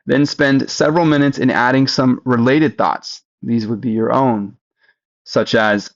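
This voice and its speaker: A man leading a guided spiritual practice, speaking slowly and deliberately and asking listeners to repeat phrases after him. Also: mid-range voice, steady tone, muffled recording. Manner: slow, deliberate, leads repetitions. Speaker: spiritual teacher. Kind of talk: guided meditation teaching.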